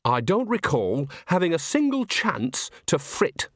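In an audiobook character voice, a man plays a cheerful, earthy old witch who rambles in a folksy, sly, chatty way. He pitches well above his own voice in a full character voice, with a fairly high pitch, huge pitch swings and a measured pace. The studio-quality recording has no echo.

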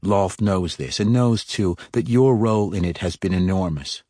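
A man narrating a fantasy story, voicing a calm, composed young female dark elf with a slightly lifted tone. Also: low-pitched, normal speed, no room sound, clean studio sound. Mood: poised.

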